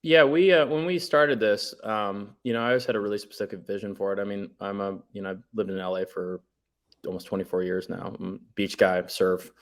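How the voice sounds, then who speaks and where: A man with a lowish voice talks in a relaxed, meandering way. He is a guest on a casual podcast, trailing off and restarting as he tells his stories. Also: a little fast. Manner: rambling, laid-back storytelling with many fillers. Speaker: guest, documentary writer and director.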